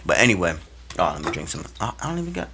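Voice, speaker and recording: Low-voiced young man telling a story. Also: very fast, a little hiss or hum. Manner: animated, slangy, swings between loud and hushed. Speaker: vlogger. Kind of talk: casual personal storytelling.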